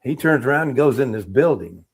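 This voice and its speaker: Gravelly middle-aged veteran telling stories. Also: male voice, mid-range voice, fairly quick. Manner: animated storyteller, acts out quotes, laughs. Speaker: Army veteran guest. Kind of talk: casual storytelling interview.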